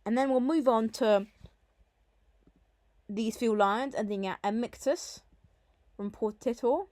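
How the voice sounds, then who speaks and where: A woman teacher working through a Latin poem line by line, explaining the devices and slowing down to read the translated lines with emphasis. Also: fairly high pitch, a little mellow, no room sound. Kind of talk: Latin poetry lesson, line-by-line analysis.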